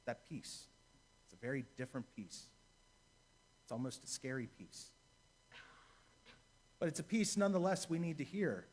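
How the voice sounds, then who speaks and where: A man's voice: medium pitch, very animated, moderate pace, long pauses, darkish tone, a little hiss or hum. A man, a deacon, preaching a sermon in a church, telling a story and repeating key phrases for emphasis.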